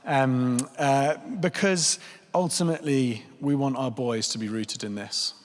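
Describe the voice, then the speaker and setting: A man's voice: medium pitch, unhurried. A man in his thirties preaching a sermon in church, earnest and pleading, repeating phrases for emphasis. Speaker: pastor. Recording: long church reverb.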